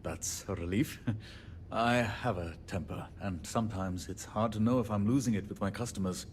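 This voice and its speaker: Man doing a cranky handyman, video game dialogue, lowish voice, wry and joking. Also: moderate pace, a little hiss or hum, close to an everyday voice. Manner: wry, joking, self-deprecating. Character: irritable self-deprecating male handyman, joking.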